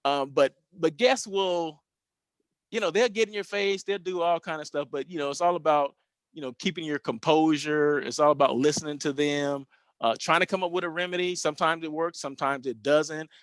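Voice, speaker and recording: A man's voice: a little high, moderate pace, no room sound. A man hosting a hospitality show, telling stories from his hotel career in a rambling, chatty way with lots of restarts. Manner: rambling, self-correcting, chatty. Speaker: host. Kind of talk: casual storytelling monologue.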